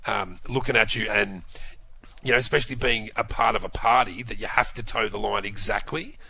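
A man's voice: on the low side, fairly even intonation, brisk, gravelly, crowd noise, poor audio. An Australian man co-hosting a radio show, chatting in a rambling way with casual asides. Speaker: radio co-host.

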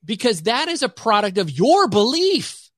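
A man's voice: very high-pitched, sing-song, moderate pace, fairly bright tone, no echo, studio quality. A man talking as a podcast guest, preacher-like and emphatic, repeating phrases for rhythm as he builds a motivational faith message.

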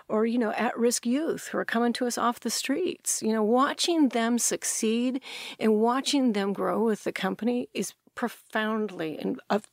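A woman who founded a restaurant company, telling animated stories in an interview, acting out quotes and restarting sentences. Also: mid-range voice, creaky, no echo, clean studio sound. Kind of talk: conversational storytelling interview.

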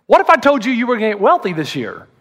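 A middle-aged man delivers a sermon with a voice pitched noticeably high for a man. He teaches like a storyteller, dropping in humor and acting out the people he quotes. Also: wildly swooping pitch, quick pace, a bit bright, long reverb tail. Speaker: pastor.

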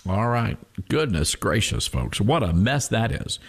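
Talk radio host, male, folksy and emphatic, lively up-and-down delivery. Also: on the low side, unhurried, breathy edge. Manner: folksy, emphatic, repeats phrases. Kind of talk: conservative talk radio monologue.

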